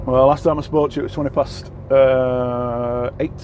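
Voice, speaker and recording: This casual vlog chat features an English man who drives trucks, speaking from his cab in a rambling, self-deprecating manner full of fillers and restarts. His mid-range voice is level and a little mellow at a moderate pace, with a little hiss or hum in the recording.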